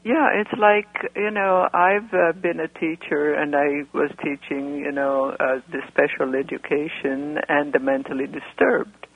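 A woman's voice: deep voice, steady tone, a little slow, few pauses. A woman from Europe calling in to a radio show, talking in a rambling, hesitant way with many fillers. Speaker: caller. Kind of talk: phone-in conversation. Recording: tinny phone line.

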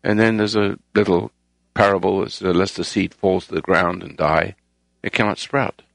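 A man's voice: sits low, steady tone, moderate pace, creaky, fairly bright tone, dry recording. A man hosting a talk program, delivering a rambling, moralizing monologue and raising his voice to stress points. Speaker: radio show host.

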